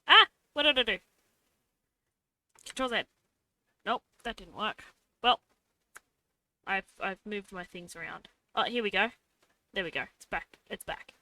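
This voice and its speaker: A woman's voice: mid-range voice, bright, forceful tone. A young woman streaming casually, talking to herself as she draws and adding playful little sound effects. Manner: talks to herself while drawing, adds playful sound effects. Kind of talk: casual live-stream chatter while drawing.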